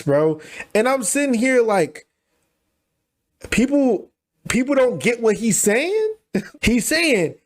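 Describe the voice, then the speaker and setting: A high-voiced man hosts a reaction video and talks through a clip in casual, slangy commentary. He quickly agrees with the point and repeats it in his own words. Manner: fast, agreeing, restating the guest's point with slang. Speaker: reaction channel host.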